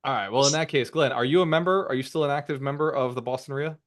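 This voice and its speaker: A man's voice: medium pitch, fast talker, no room sound, studio quality. A man presenting from home on a video call, upbeat and casual, calling people brother. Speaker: webinar presenter. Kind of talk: casual online Q&A.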